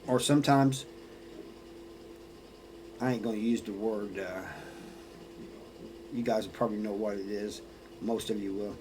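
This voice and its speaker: A man's voice: on the low side, steady tone, measured pace, long pauses, a little mellow, a little hiss or hum, rough recording. A man who served time in prison talks casually about life inside, plainspoken, often restarting his sentences and adding "you know.". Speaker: former prisoner sharing experiences. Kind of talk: casual storytelling monologue.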